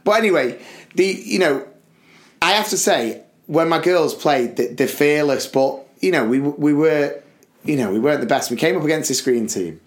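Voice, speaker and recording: A man who co-hosts a podcast and coaches school sports tells a story in an animated chat, acting out excited shouts. His voice is a little high and his pace normal.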